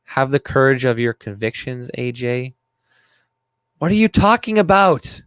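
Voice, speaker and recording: A man's voice: mid-range voice, big pitch swings, unhurried, fairly bright tone, smooth, no echo. A young man hosting a live stream, ranting profanely and reading his chat aloud. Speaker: livestream host. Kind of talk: casual live-stream commentary.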